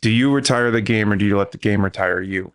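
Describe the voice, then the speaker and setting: A man's voice: on the low side, quick pace, clear, resonant tone. A man hosting a podcast in casual chat, joking and swearing freely as he rants. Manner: profane, joking, ranting. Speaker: podcast host.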